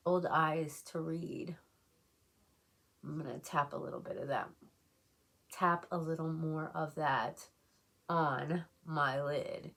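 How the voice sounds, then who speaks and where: A woman's voice: low voice, slow pace, gravelly, a bit bright, slightly rough. A woman talking casually while doing her makeup, emotional and rambling, with many fillers. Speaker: beauty vlogger. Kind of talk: casual get-ready-with-me chat.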